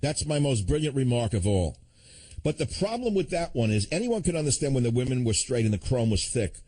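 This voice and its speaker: A man's voice: mid-range voice, sing-song, brisk, dark tone. A man hosting a call-in radio show, talking in a combative, sardonic way with chuckling asides. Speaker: radio talk show host.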